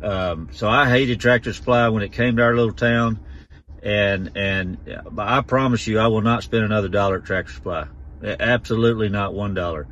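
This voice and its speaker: A man's voice: on the low side, fairly bright tone. Man, earnest homemade rant, some faint noise behind him. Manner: folksy, earnest, halting restarts. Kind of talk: ranting video monologue.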